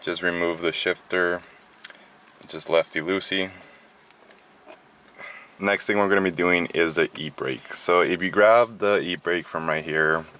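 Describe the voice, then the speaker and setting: A man's voice: low-pitched, a little slow, long pauses, a little hiss or hum. A man hosting his car channel, talking through a casual how-to with lots of fillers, a bit out of breath. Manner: relaxed, filler-heavy, chatty.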